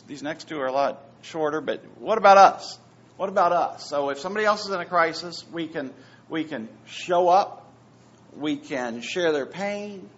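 A pastor preaching a sermon, swinging between hushed, near-whispered phrases and loud, emphatic repetitions. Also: male voice, a little high. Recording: dull lo-fi sound with faint ambience.

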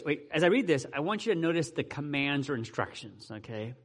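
A man's voice: on the high side, expressive, a little fast, hardly any pauses. A man giving a conversational sermon as pastor, asking his listeners rhetorical questions and using casual fillers. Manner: asks the audience frequent rhetorical questions; informal, with fillers like "right" and "you know".

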